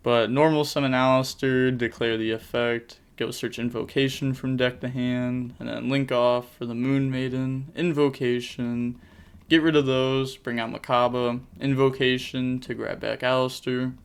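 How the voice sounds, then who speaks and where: Young guy narrating card game replays, smooth clear voice, middle pitch, rattles off plays fast. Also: little pitch movement. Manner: rattles off plays in quick bursts, jokey asides. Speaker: channel host commentating card game replays. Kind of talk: casual gameplay commentary.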